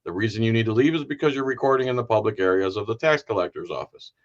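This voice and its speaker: A man's voice: fairly low pitch, quick pace. A man from Florida hosting an interview, telling his own story in a blunt and emphatic way. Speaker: host. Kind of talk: casual interview chat. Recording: dull, lo-fi stream audio.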